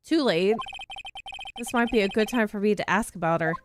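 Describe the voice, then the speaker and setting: A woman's voice: mid-range voice, normal speed, no room sound. A woman streaming a game, chatting and reading the characters' lines aloud in different voices. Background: game music.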